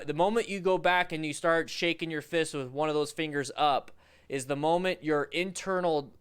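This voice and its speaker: A man coaching motorcycle riders over a livestream, commenting on riding videos in an animated, joking, rambling way with restarts. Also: on the high side, clear, resonant tone.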